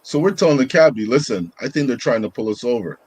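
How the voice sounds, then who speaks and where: A man co-hosting a casual podcast, telling a story step by step in relaxed slang. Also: mid-range voice, fast talker, husky, no room sound. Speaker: podcast co-host.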